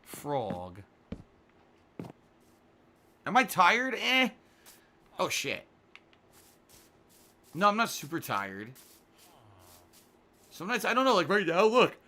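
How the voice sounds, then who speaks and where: Man, streamer, casual gaming chat, bright voice, lively pitch, rambling, yawny, faint background noise. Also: slow, pauses often. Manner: rambling, musing aloud, frequent swearing. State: yawny, sleepy.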